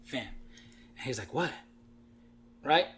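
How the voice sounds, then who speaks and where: A man's voice: a little high, animated, fairly quick, a little hiss or hum. A young man co-hosting a podcast, telling a story in casual chat, acting out the quotes and laughing often. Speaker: podcast co-host.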